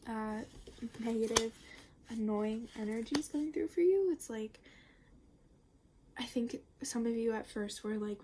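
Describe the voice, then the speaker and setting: A young woman giving a casual tarot reading, chatty and rambling, full of fillers and the odd curse word, sometimes slipping into a soft near-whisper. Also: a little high, noisy background. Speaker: tarot reader.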